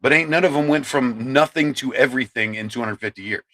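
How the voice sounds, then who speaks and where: A man's voice: medium pitch, fast, a bit bright. A man in his fifties, from Ohio, ranting on a livestream and answering his chat, often repeating and restarting words. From Ohio, USA. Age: 50s. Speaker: livestream host.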